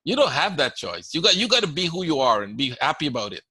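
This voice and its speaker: In a live webinar Q&A on trading, a man with a Guyanese accent answers questions in a conversational style, regularly checking in with "right?". His slightly high voice is sing-song and fast, pushed and bright with a breathy edge, on a dry recording.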